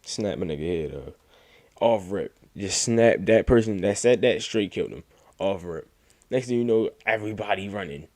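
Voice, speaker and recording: Young guy talking aave slang, retelling a crazy dream story, low voice, pops up high on the quotes, dry close mic. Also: no room sound. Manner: animated, acts out quoted lines in a raised voice. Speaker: gaming YouTuber. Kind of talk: casual storytime recap.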